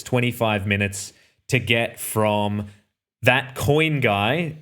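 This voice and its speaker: Speaking in a fairly low, somewhat bright voice, an Australian man rambles casually through a travel anecdote from his own life. He keeps correcting himself and slipping in dry remarks.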